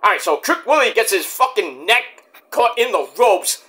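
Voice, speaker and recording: Bright lively-voiced man reviewing wrestling. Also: high-pitched, moderate pace. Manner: rambling, profane, jokey. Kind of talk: casual review monologue.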